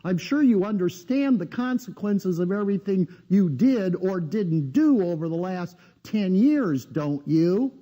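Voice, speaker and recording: A man's voice: high-pitched, expressive, a little slow, few pauses, mellow. A man giving a live seminar lecture in a blunt, needling way, firing rhetorical questions at his audience.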